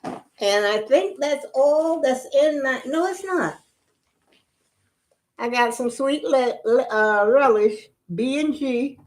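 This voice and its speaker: An older woman vlogger chats casually on a live stream, sounding homey and talkative and addressing her viewers as y'all. Her voice is high-pitched and she takes her time, a little out of breath.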